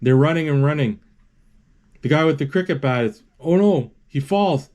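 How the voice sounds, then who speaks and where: A man narrating a movie as he watches it, halting and correcting himself, with sudden excited exclamations. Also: a little high.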